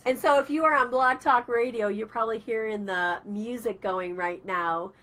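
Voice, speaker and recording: A woman's voice: a little high, moderate pace. A woman hosting an online talk radio show, chatting casually and acting out little stories with quoted voices. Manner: chatty, animated storytelling with acted-out quotes.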